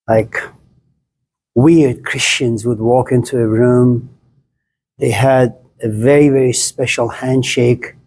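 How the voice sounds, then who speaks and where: A male lecturer speaks to a room of students at an unhurried, deliberate pace, with a voice pitched in the middle for a man. He is playful and teasing, and he builds his jokes by repeating the same line again and again. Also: a little mellow. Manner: calls on students by name. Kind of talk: live classroom lecture. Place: classroom in front of students.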